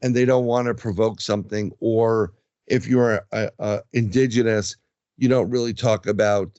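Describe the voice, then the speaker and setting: A man telling an animated ghost story, lo-fi. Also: fairly low pitch, moderate pace, no room sound. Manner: animated storyteller, acts out quotes. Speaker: paranormal investigator guest. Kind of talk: casual storytelling interview.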